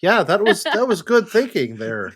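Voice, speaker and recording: A man's voice: sits high, sing-song, moderate pace, a bit bright, husky. A man playing a tabletop game, chatting in a playful, jokey way. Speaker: player.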